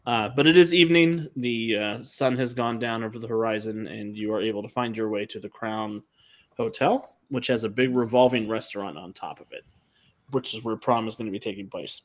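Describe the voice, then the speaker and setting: A man narrating as game master of a tabletop game, relaxed and joking, with many fillers. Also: lowish voice, brisk.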